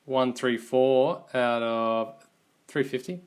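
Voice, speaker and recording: An Australian man runs a live card break, naming each team and player as the cards come out. He talks at a slow, easy pace with a mid-range voice, relaxed and chatty with his viewers. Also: medium pitch. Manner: unhurried, relaxed running commentary, calling out teams one by one. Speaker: card box break host.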